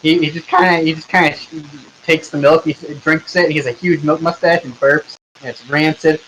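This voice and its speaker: A rambling, fairly high game master man. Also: steady tone, a little fast, a bit bright, slight background noise, rough recording. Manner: loose, rambling, with many fillers. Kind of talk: narrating a tabletop game online.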